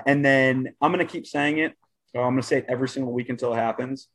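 A man co-hosting a casual sports podcast, relaxed as he gives betting tips. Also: medium pitch, fast talker, husky. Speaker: podcast co-host.

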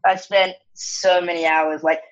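A man, an actor guest, telling stories in a casual interview, animated and laughing often as he quotes others. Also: sits high, measured pace, highs cut off. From New Zealand.

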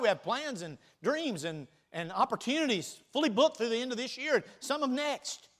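A man preaching a sermon, reading scripture aloud and swinging between loud bursts and quiet, teasing asides. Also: very high-pitched, very animated, fairly quick, hardly any pauses.

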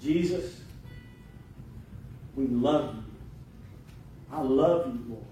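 A man, a pastor, preaching a sermon and leading a prayer, emphatic when preaching and quieter and slower in prayer. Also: medium pitch, soft background music. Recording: echoey hall, distant mic, noisy.

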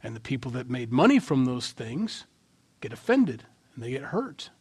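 A male pastor preaching a sermon in an animated way, swinging between loud lines and quiet asides. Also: mid-range voice, normal speed, slightly rough.

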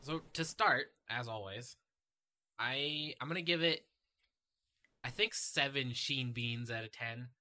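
A man hosting a casual podcast chat about a film, talking in an animated, rambling way. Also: medium pitch, slow, long pauses. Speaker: podcast host.

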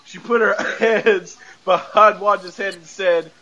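High, bright-voiced man chatting on a podcast. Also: measured pace, highs cut off. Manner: animated, laughing often, swears freely. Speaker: podcast host. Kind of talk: casual chat recapping a show.

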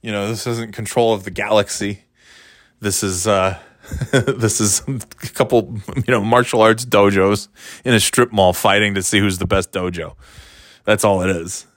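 Man, low-ish voice, casual solo host, rambling and wry, dry close sound. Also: fairly even intonation, normal speed, fairly bright tone, no echo. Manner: rambling, candid, wry, chuckles often.

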